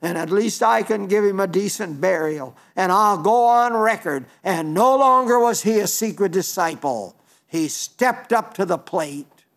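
A man's voice: sits high, fairly bright tone. An older man preaching a folksy, earnest sermon in a conversational way, rising to sudden emphasis at times. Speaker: radio preacher.

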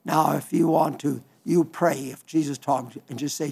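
A man's voice: on the high side, fairly even intonation, moderate pace, vocal fry, hardly any pauses, a little mellow, husky. An older man preaching a folksy, earnest sermon in a conversational way, rising to sudden emphasis at times. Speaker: radio preacher.

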